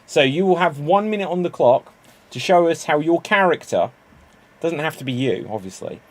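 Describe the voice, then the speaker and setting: A man's voice: on the high side, expressive, moderate pace. A man hosting an improv livestream, chatting in a rambling way with plenty of fillers. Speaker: improv show host.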